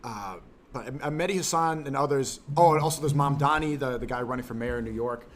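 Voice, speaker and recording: Halting mid-pitched man with faint hum. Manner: rambling, halting questions. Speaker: podcast host. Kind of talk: casual interview chat.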